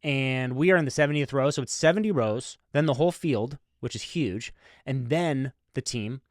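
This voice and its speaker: A man hosting a comedy podcast, telling a rambling story with deadpan, mock-serious asides. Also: medium pitch, normal speed, dry recording, studio quality. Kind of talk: comic storytelling.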